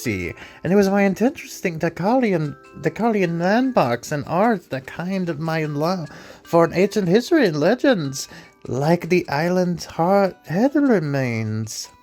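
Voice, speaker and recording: A spry, jolly old archaeologist with a Scottish lilt, put on by a man reading game lines. He talks heartily and chattily, his pitch bouncing up and down, with faint music playing behind him. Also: big pitch swings, unhurried, a little mellow. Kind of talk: reading game dialogue in voices.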